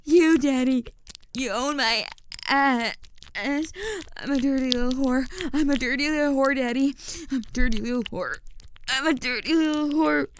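A woman playing a breathy, pleading young woman. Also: sits high, unhurried, a little hiss or hum. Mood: breathless.

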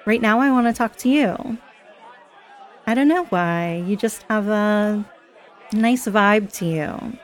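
A woman's voice: medium pitch, takes it slowly, pauses often, a faint crowd, natural voice. A woman playing a chatty, giggly party girl. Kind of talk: scripted audio role-play.

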